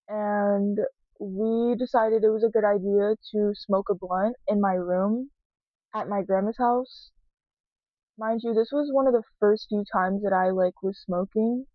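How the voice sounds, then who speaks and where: A woman's voice: mid-range voice, dry recording, highs cut off. A young woman chatting casually to her viewers, rambling with lots of "like" and "um" and cursing freely. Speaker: vlogger answering viewer questions. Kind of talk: casual confessional chat.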